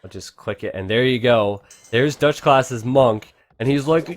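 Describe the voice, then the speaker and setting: A man giving casual, excitable commentary on a strategy game match, chatting to his viewers. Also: mid-range voice, moderate pace, hardly any pauses, faint music behind. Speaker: game caster.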